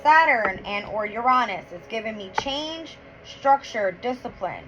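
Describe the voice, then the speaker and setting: A woman's voice: a little high, lively intonation, unhurried, over music. A woman doing a casual tarot and astrology reading, counting cards aloud and getting heated, blunt and full of swearing. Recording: dull lo-fi with clear background noise.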